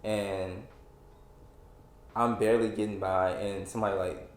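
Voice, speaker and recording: A man's voice: on the low side, moderate pace, long pauses, echoey room. A man in his twenties hosting a solo podcast, venting in a rambling, frustrated way with many restarts and fillers. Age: 20s. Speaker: podcast host. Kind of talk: casual solo podcast rant.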